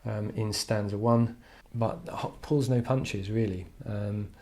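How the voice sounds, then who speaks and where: Slow and steady, a man with a fairly low, darkish voice teaches English literature online. He thinks aloud, hesitating with frequent "um"s and restarts.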